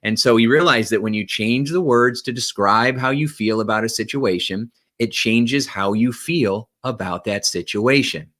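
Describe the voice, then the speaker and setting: A man giving an energetic motivational talk to his viewers, often checking in with "right?" and "okay?". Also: mid-range voice, normal speed, few pauses. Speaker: motivational speaker.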